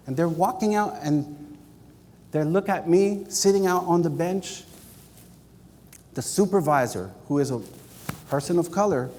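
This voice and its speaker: A man from Guam giving a keynote talk, telling a story in an animated way and acting out the dialogue. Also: on the high side. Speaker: keynote speaker. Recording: long hall reverb with faint noise.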